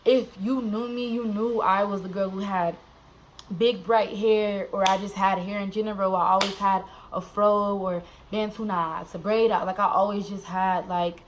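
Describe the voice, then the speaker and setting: A woman's voice: mid-range voice, normal speed, slight background noise, rough recording. Candid young woman telling her story. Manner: candid, animated, slangy, repeats "like" often. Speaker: vlogger. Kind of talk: personal storytelling.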